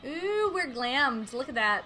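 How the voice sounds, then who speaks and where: A young woman streaming a game, reacting with excitable, squealing exclamations and reading the dialogue aloud. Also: high voice, takes it slowly, soft background music, low-quality recording.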